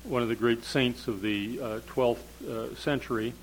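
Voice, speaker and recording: A man's voice: medium pitch, fairly even intonation, normal speed, a little hiss or hum, rough recording. An older man, a professor of English literature, giving a discursive storytelling lecture with frequent fillers.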